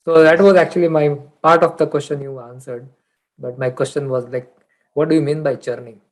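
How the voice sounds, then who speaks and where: A man's voice: fairly high pitch, steady tone, fairly quick, rough recording. A man asking questions in an informal discussion, friendly and agreeable. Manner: friendly, agreeable, laughs between words.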